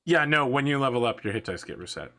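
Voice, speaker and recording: Guy dm-ing a tabletop game, bright forceful voice, jokey and upbeat. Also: medium pitch, very animated, quick pace. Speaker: dungeon master. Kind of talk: running a tabletop game, casual chat.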